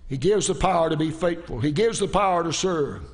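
A man's voice: on the high side, brisk. A male pastor preaching a sermon in a church, telling stories in a folksy way and dropping in frequent amens. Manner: folksy storytelling, peppered with "amen".

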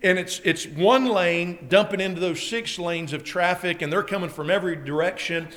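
High bright-voiced preacher man. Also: normal speed. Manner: storytelling, rising to shouting excitement. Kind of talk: sermon illustration story.

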